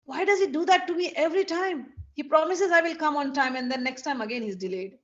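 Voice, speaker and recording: A woman telling a devotional story, lively, acting out each character's lines. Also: high-pitched, a little fast, muffled recording. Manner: animated, acts out the characters' lines.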